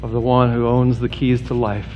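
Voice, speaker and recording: A man's voice: little pitch movement, normal speed, lo-fi sound, slight background noise. A man preaching a sermon as pastor to his congregation, earnest and direct, mixing plain humor with a rising, urgent appeal. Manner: earnest, rises in pitch and intensity toward an urgent appeal. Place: church sanctuary.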